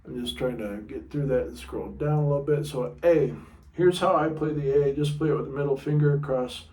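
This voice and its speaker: A man giving a relaxed guitar lesson, thinking aloud and stopping to check his notes. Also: mid-range voice, brisk, echoey room, distant mic. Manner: talks with a pick in his mouth at times. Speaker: guitar teacher. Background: guitar playing.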